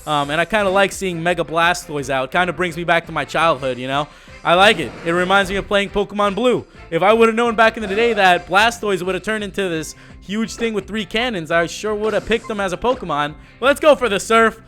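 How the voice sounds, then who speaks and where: A man talks through a video game in a casual, slangy, joking way, full of laid-back asides. His voice sits high and sounds bright. Faint game music runs behind him. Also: fairly quick. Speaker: let's play host. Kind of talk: casual gaming commentary.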